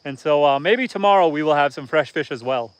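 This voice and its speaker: Laid-back Canadian man, slightly higher voice, for a casual outdoor homestead livestream host. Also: animated, brisk, clean tone, dry recording, highs cut off. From northern Canada. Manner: easygoing and rambling, reads viewer comments aloud.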